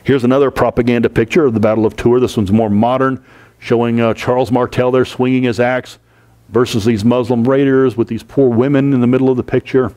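Brief: male history lecturer, mid-pitched, talks to a class, repeats and slows on key terms. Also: fairly even intonation, a little mellow. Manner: explains with repetition and rhetorical questions, slows to stress key terms.

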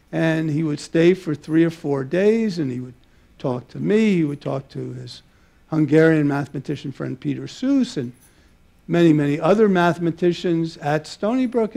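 An older man giving a public lecture at a museum, recalling a colleague in a halting way with many filler pauses. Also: high-pitched, creaky, warm tone. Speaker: mathematician giving a public talk. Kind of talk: public lecture with personal anecdotes. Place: museum lecture hall before an audience.

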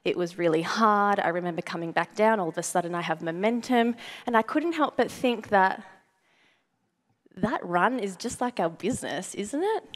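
A young adult woman giving a motivational talk to a live audience, telling a story in an animated way, acting out her own remembered words and asking the audience questions. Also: medium pitch, normal speed. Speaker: motivational speaker.

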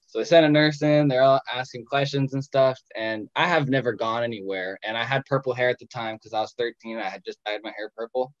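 A man in his twenties recounts his own past in a loose, joking, self-mocking way, slipping in the voices of the people around him. His voice sits at an ordinary middle pitch. The video call audio is slightly muffled and dry, with no room sound. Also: steady tone, fairly quick, hardly any pauses, dry recording. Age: 20s. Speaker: patient sharing his story. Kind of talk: casual storytelling.

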